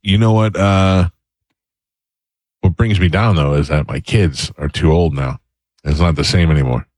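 A middle-aged man with a very deep voice talks in a relaxed, chatty way as a morning radio host. His voice sounds dry and close to the studio mic. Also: normal speed, no echo. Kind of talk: casual morning radio chat.

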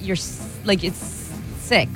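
A woman's voice: mid-range voice, takes it slowly, soft background music. A woman co-hosting a radio show in casual banter, teasing her co-host and laughing often.

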